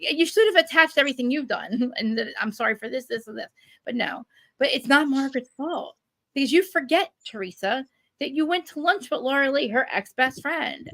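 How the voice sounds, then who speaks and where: A woman ranting in casual chat, animated and profane, with many restarts. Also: high-pitched, no echo. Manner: rapid, profane, animated rant with frequent restarts. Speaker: guest commentator. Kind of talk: casual chat recapping a reality show.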